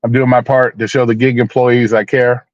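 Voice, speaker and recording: Flat in delivery, this man talks at a moderate pace in a mid-range voice. Running a casual livestream, he wanders off topic, says things twice, calls out viewers by name, and is blunt and mock-preachy with the odd swear, over dull, dry lo-fi audio.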